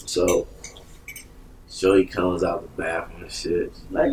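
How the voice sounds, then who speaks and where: A man's voice: sits low, moderate pace. A man telling a story in casual chat as a podcast guest. He swears a lot, laughs often and acts out voices. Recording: distant mic with faint background noise.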